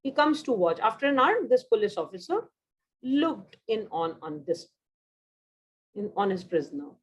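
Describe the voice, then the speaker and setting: Her mid-range voice is husky with big pitch swings, heard through a muffled recording. Teaching vocabulary in Indian-accented English, she drills words, praises students briefly, and shifts into Hindi mid-sentence.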